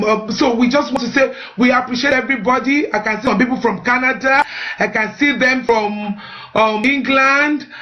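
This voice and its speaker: The host of a live-streamed marriage advice show has a slightly high, somewhat bright voice, captured in a muffled recording. She talks earnestly, urging listeners along and often repeating a word until the next one arrives.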